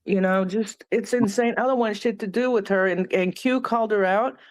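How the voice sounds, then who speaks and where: A woman's voice: medium pitch, normal speed, no echo. Woman from new mexico, heated profane ranting, live-stream panel guest, dry close mic. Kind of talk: casual live-stream chat.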